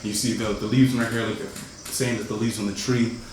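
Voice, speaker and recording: A man narrating a tabletop role-playing session as game master, feeling his way through descriptions with fillers and restarts. He sits away from the mic in a very echoey room, with steady noise behind him. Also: fairly low pitch, far from the mic. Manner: halting, many fillers and restarts.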